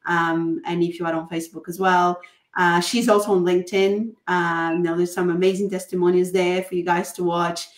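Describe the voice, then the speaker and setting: A woman's voice: fairly low pitch, flat delivery, a little fast. A woman host from Brazil with a Brazilian Portuguese accent, affirming her guest and wrapping up an interview over a video call. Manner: warm, affirming, frequent agreement. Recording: echoey room.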